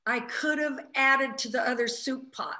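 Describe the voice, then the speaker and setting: With a high-pitched voice at a moderate pace, this woman, who works as a flight attendant, animatedly retells a story during a relaxed spiritual conversation. She performs the quotes as she goes.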